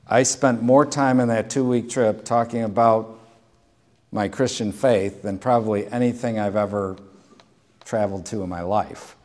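Middle-aged pastor telling stories. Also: male voice, lowish voice. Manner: relaxed storytelling with dry humor. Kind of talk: sermon.

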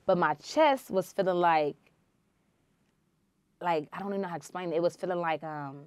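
Woman podcast host, low voice, dry close sound, earnest personal storytelling. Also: normal speed, smooth, no echo. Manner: earnest, intense storytelling with sudden loud swells.

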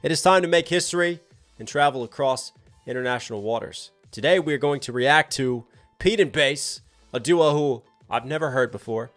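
A man hosting a reaction video, talking casually and excitedly over a rap track, laughing and reacting out loud. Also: mid-range voice, moderate pace, faint music behind.

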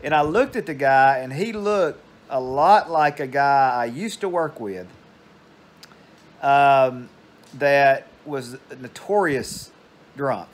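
A man's voice: mid-range voice, lively intonation, slow. An older man, casually telling a meandering story at home. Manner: meandering, digressive. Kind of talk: casual rambling anecdote.

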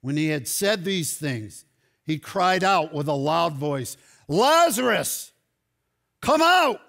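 Male pastor, high voice, unhurried sermon delivery with loud animated peaks. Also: vocal fry. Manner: animated preaching, rising to loud exclamations. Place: church sanctuary.

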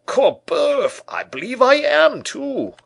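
A man reading an audiobook, voicing a hulking, boastful and vain baron with loud, indignant outbursts. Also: very high-pitched, wildly swooping pitch, slow, vocal fry, voice pushed up, heavily acted. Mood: excited.

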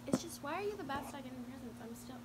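A young woman vlogger gushing and swearing with excitement as she unboxes presents from a friend. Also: sits high, fast talker. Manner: gushing, emotional, swears, exclaims often. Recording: loud background noise.

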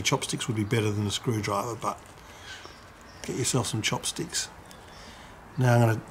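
An Australian home gardener demonstrates transplanting seedlings at a bench, talking at a relaxed, chatty pace in an ordinary middle pitch. He speaks gently and informally to the camera person, mixing casual how-to with some scripted narration. Faint background noise is audible.

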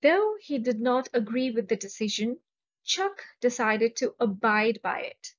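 At a measured pace, a woman with an Indian English accent and a fairly high, expressive voice teaches vocabulary slowly and deliberately. Each word is carefully pronounced and followed by example sentences, all on a dull lo-fi recording.

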